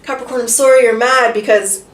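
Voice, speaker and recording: A slightly high, fairly evenly intoned woman's voice moves briskly through a casual tarot reading. Chatty and full of rhetorical questions, she swears once in a while. The recording has roomy echo, with her a bit far from the mic.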